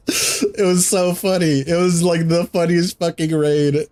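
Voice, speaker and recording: A man's voice: sits high, little pitch movement, normal speed, darkish tone. Young man streamer, casual and swearing. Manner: rambling, swears a lot, laughs often. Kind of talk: casual chat while gaming.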